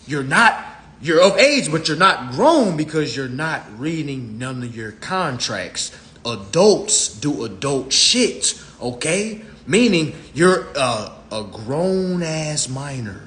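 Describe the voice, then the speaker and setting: A man's voice: on the high side, big pitch swings, slow, a bit bright, a little hiss or hum. A man on a live stream, ranting in a blunt, profane, preachy way into his phone. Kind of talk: casual rant.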